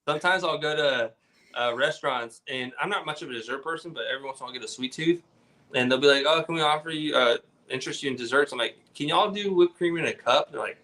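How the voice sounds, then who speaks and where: A young man rambles through stories as a podcast guest, filling them with "like". His voice is bright and forward at a middle pitch, loose and chatty. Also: quick pace. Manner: rambling storyteller, says "like" a lot. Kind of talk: casual chat.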